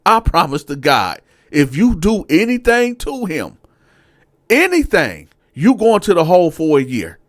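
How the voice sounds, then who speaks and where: A man's voice: a little high, very animated, measured pace, sharp tone, dry recording, clean studio sound, pitched above the performer's own voice, exaggerated voice. A man voicing an irritated male prison sergeant who scolds an inmate with plenty of cursing. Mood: stern.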